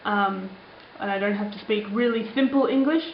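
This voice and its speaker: A woman's voice: medium pitch, normal speed, slight background noise. A young woman with an Australian accent, chatting casually as she answers viewer comments in a rambling, playful way with lots of ums. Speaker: vlogger. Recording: roomy, slightly dull home recording.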